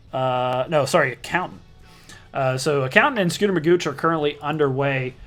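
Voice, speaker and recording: A man's voice: a little high, fairly bright tone. A man hosting a live online darts broadcast, introducing players and standings in a casual, joking way and often correcting himself mid-sentence. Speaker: league broadcast host.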